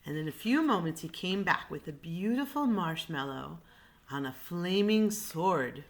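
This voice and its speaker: A woman reading a picture book aloud in an animated way, pointing out the pictures to her listeners. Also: lowish voice, unhurried. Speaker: reader.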